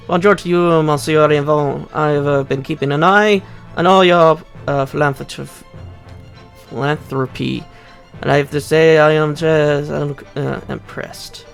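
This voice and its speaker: A man's voice: on the high side, steady tone, unhurried, vocal fry, faint music behind. A man voicing a flamboyant, fashion-obsessed video game courtier, putting on theatrical French flair. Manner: theatrical, sprinkling in mock French words.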